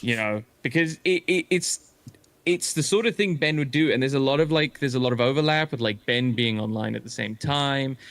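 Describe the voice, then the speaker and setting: In a dry recording, a streamer with a medium-pitched, fairly bright voice tells a long story in casual chat at a brisk pace. He rambles, swears often, and fills his talk with fillers and restarts.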